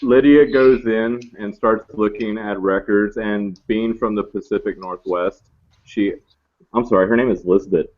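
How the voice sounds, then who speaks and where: A man's voice: fairly low pitch, fairly even intonation, measured pace. A man narrating a tabletop game as game master, rambling and correcting himself with jokes, on a muffled lo-fi recording. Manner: rambling, self-correcting, joking.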